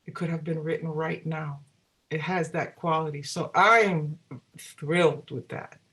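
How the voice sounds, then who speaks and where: Animated storytelling woman musician. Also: sits low, unhurried. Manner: animated, acts out quoted dialogue. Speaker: singer-songwriter guest. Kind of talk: storytelling in a casual interview.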